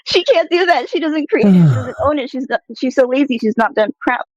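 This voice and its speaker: A woman's voice: high voice, sing-song, brisk, darkish tone, lo-fi sound. A woman moderator defending herself and complaining about another person in casual talk. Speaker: chat moderator. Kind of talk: casual chat.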